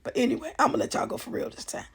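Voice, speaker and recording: A woman vlogger talking casually to her viewers, chatty and animated, swearing freely and laughing often. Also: rapid-fire. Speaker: YouTube vlogger. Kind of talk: casual commentary vlog.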